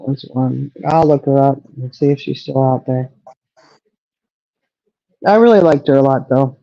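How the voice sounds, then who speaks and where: A woman's voice: a bass voice, unhurried, vocal fry, no echo, dull audio. A middle-aged woman chatting casually as a livestream co-host, rambling and trailing off as she talks. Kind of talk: casual chat.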